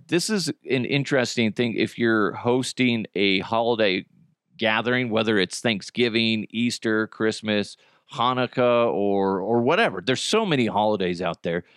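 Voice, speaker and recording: A man's voice: mid-range voice, a bit bright, no room sound, studio quality. A man hosting a podcast, telling crude, jokey stories in a casual monologue and laughing often. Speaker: podcast host.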